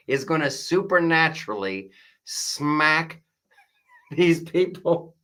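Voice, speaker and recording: A man's voice: on the high side, pushed and bright. A man hosting a live comedy talk stream in a casual chat style, riffing jokes and reading viewer comments aloud.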